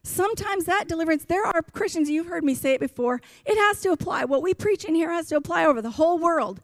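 A woman's voice: extremely high pitch, expressive, quick pace, no echo, studio quality. A woman pastor preaching a sermon in a church, impassioned and emphatic, driving her points home with repetition.

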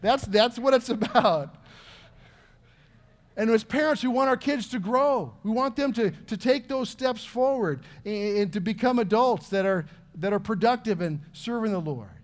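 A man's voice: high-pitched, lively intonation, normal speed. A middle-aged man, preaching a sermon in an earnest, conversational way full of questions to the congregation. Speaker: pastor.

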